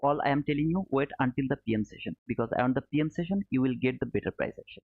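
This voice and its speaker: Over tinny, phone-like audio, a man with a medium-pitched voice and quick delivery gives live chart commentary as a trading educator. He responds to chat, breaks things down step by step, repeats himself on key points and addresses viewers as "brother."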